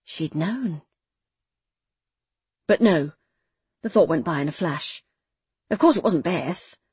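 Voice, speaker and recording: A woman reading a novel aloud in measured, intimate scripted narration. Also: on the low side, animated, darkish tone, breathy edge, no echo. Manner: measured, intimate, close third-person storytelling. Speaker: audiobook narrator.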